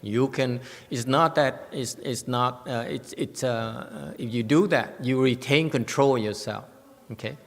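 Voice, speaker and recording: A man teaching meditation in an informal talk, speaking haltingly with many restarts and repeated words. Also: medium pitch. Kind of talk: informal dharma talk with questions. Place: meditation hall. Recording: long hall reverb.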